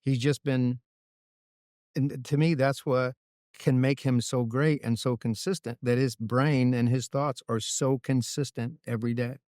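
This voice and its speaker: Sex: man. Role: racing crew chief, guest. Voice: smooth, mid-pitched. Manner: animated storytelling, "right?" tags. Sound: dry. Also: unhurried, no echo. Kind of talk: casual interview storytelling.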